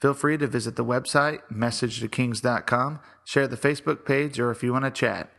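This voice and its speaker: A man's voice: mid-range voice, fairly even intonation, a little fast, gravelly, a bit bright. A man hosting a devotional podcast, teaching from the Bible in an earnest, exhorting way. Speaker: podcast host.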